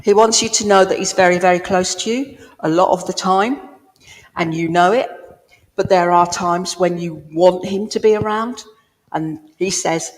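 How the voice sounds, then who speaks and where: A woman's voice: fairly low pitch, moderate pace. Woman medium in an echoing hall. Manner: chatty, down-to-earth, addresses listener directly. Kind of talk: spiritualist mediumship reading. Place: village hall. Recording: long hall reverb.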